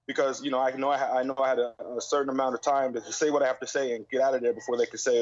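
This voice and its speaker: A man who preaches on the street, telling his story in an interview in a quick, informal way with lots of fillers. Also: mid-range voice, fairly even intonation, highs cut off. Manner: rapid, informal, many fillers. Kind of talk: casual interview chat.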